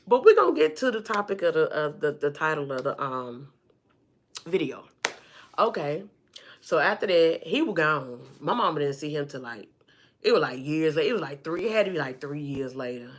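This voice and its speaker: Animated woman telling a personal story. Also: on the low side. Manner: animated storytelling, addressing viewers as y'all and honey; acts out the people in her stories. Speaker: vlogger.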